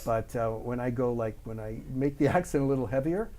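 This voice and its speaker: A man's voice: medium pitch, warm tone, slight background noise. Joking Canadian man, guest impressionist. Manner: jokey, quick with punchlines. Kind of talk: casual interview chat.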